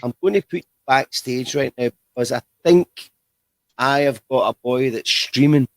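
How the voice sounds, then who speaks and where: A man's voice: medium pitch, moderate pace, no echo. A man hosting a livestream interview, chatty and rambling, with frequent restarts. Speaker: host.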